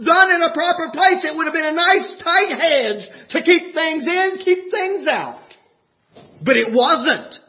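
A man preaching a sermon with passion, rising to shouts and dropping low. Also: muffled recording.

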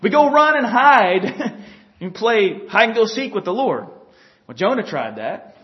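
A man's voice: sits high, big pitch swings, a little slow, dull audio. A man preaching a folksy, conversational sermon who often chuckles and talks straight to his listeners.

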